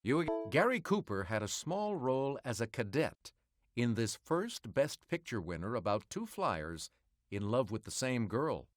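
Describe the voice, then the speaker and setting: A man hosting a quiz game, reading clues and answers in a crisp, measured announcer delivery. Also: mid-range voice, very animated, dry recording, clean studio sound. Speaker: quiz show host.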